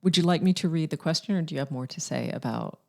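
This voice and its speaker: A woman in her sixties with a very low, mellow voice co-hosts a casual podcast. She chats and teases, giggles easily, and reads out listener questions. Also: fast talker, vocal fry. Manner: chatty, giggly, teasing.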